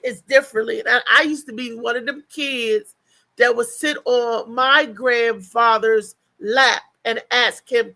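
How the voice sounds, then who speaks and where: A woman's voice: a little high, gravelly. A woman co-hosting a casual livestream chat, telling stories. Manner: animated storytelling with frequent restarts and laughter. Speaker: co-host.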